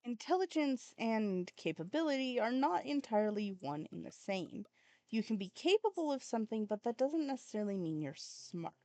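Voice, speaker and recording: A woman's voice: on the high side, sing-song, moderate pace, mellow, dry recording. A woman hosting a gaming channel, rambling casually over gameplay and swearing now and then.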